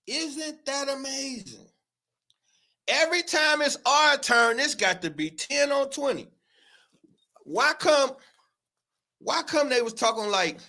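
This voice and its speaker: A man with a very high voice that sounds bright and forceful hosts a livestream commentary. He talks in a heated, profane, emphatic way and keeps repeating words for effect. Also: expressive, a little slow, pauses often. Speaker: show host.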